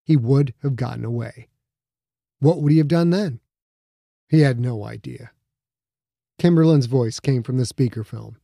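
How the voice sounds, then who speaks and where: Gravelly, mellow male audiobook narrator. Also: mid-range voice, no echo, clean studio sound. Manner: steady, measured storytelling. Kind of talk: scripted narration.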